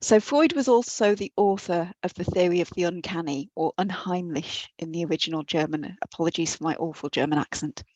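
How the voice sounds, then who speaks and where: A woman delivers an academic lecture in a low voice, earnest and a little self-deprecating, now and then restarting a phrase. The sound is dry and close, as if recorded at her computer. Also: fairly quick, few pauses, a little mellow, dry recording, highs cut off. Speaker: guest lecturer. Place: her office at home or work, on a computer.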